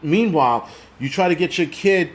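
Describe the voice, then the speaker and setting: A man's voice: on the high side, expressive, moderate pace. A man in his forties hosting a casual livestream, ranting bluntly and profanely and reading out viewer comments. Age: 40s. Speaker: host.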